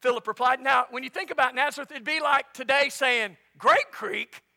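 Animated preacher man, gravelly voice. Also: very high voice, fairly quick. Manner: animated preaching, swings from loud to soft. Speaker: pastor. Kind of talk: sermon.

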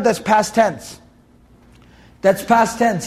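A man with a notably high-pitched voice gives a Quran commentary lesson. He stresses his points by repeating key phrases. He breaks into a chanted recitation when quoting Arabic verses. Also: animated, normal speed, darkish tone. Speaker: Quran teacher.

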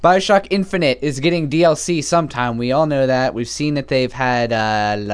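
A man co-hosting a podcast, relaxed and joking as he moves on to the news. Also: mid-range voice, normal speed, hardly any pauses, clean tone. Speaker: podcast co-host. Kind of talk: casual podcast chat.

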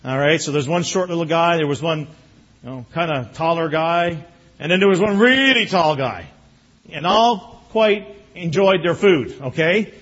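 A man preaching a sermon as pastor, telling folksy personal stories in an animated way. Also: on the high side, normal speed, slightly rough, dull audio. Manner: folksy storytelling, animated when recounting.

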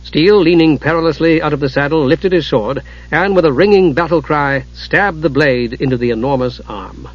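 Husky male audiobook narrator. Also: a little high, moderate pace. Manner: steady, dramatic storytelling. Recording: dull lo-fi audiobook recording.

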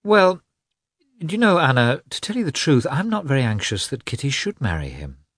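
A man reading the part of a kind, attentive married woman in a soft, measured voice. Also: mid-range voice, very animated, husky, no echo, studio quality, voice pushed up. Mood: gentle, warm.

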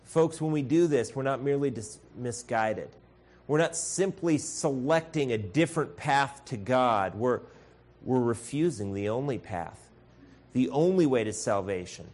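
This pastor's sermon comes in a medium-pitched voice with lively intonation and an unhurried delivery. He speaks earnestly and directly, calls his listeners "folks," and performs shouted voices.

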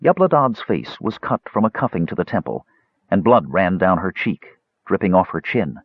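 A man narrating a fantasy story in a dramatic, expressive reading. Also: sits low, normal speed, breathy edge, dry recording, lo-fi sound. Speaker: audiobook narrator.

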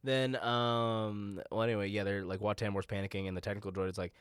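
A man with a fairly low voice chats loosely on a podcast. He rambles through a recap, laughs often, and breaks into goofy impressions. The sound is close and dry, with no room around it. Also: level tone, clean tone, no room sound. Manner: laughing, rambling, doing quick silly character voices. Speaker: podcast co-host. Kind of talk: casual chat recapping a show.

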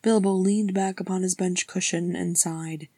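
A woman reading a story aloud in a steady storytelling manner, close to the mic. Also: lowish voice, normal speed, breathy edge, no echo. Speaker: audiobook narrator. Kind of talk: fan fiction reading.

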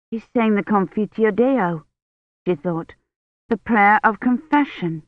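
An audiobook narrator reading a novel in a slow, measured way. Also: medium pitch, dry recording. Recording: dry tinny phone-like audio.

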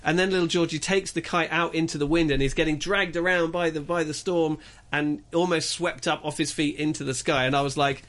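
Animated rambling male film reviewer. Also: on the high side, a little fast, hardly any pauses. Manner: animated, rambling storyteller with many restarts. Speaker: film reviewer on radio show. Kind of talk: casual radio chat.

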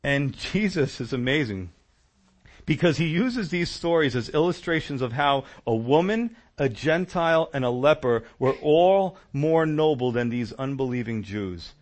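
A man preaching a sermon, telling stories in a conversational, animated way. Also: medium pitch, measured pace.

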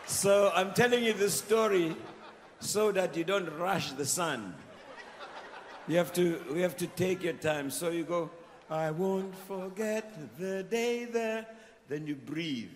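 A man's voice: a little high, a little slow, slight background noise. A man talking to a festival crowd from the stage between songs, telling a story with chuckles and coaching the audience. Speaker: performing musician. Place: concert stage at an outdoor festival. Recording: live concert in a reverberant venue. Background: band and music playing.

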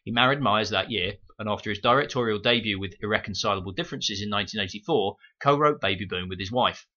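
Speaking quickly in a fairly low, pushed, bright voice, this UK podcast host reads prepared film review notes laced with sarcastic, wry remarks. It was recorded on a muffled home mic.

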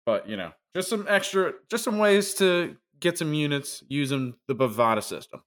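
A man's voice: a little high, sing-song, normal speed. A man co-hosting a sports betting podcast, trading brash teasing banter while reading out his picks. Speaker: podcast co-host. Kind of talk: casual sports betting chat.

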